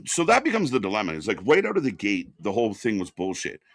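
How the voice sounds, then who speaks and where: A man's voice: lowish voice, wildly swooping pitch, fast talker, no room sound, clean studio sound. A man hosting a casual wrestling talk show, ranting bluntly with plenty of swearing. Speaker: wrestling commentary host. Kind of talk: casual podcast chat.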